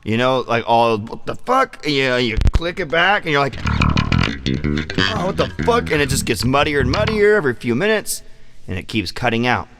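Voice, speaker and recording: A man vlogging casually about his bass gear, loose and profane, joking and acting out his own reactions. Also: big pitch swings, fairly quick. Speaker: vlogger and musician. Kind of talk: casual rambling vlog. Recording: music playing behind the voice.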